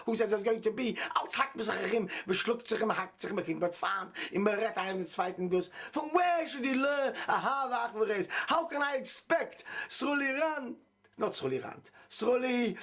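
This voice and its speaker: A husky-voiced male rabbi gives an impassioned, preachy monologue. He repeats points emphatically and swings between low mutters and raised, urgent outbursts. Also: a bit bright.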